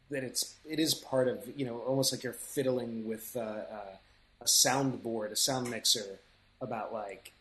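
A man's voice: medium pitch, a bit bright, echoey room, rough recording. A man who works as an audiobook narrator, talking casually in an interview in a thoughtful, rambling way with many fillers and restarts.

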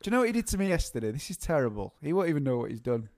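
His voice is a little high and darkish, swinging widely in pitch as he talks at a rapid-fire clip. He co-hosts a live music show, chatting casually, laughing through a wandering story, and repeating words when he restarts.

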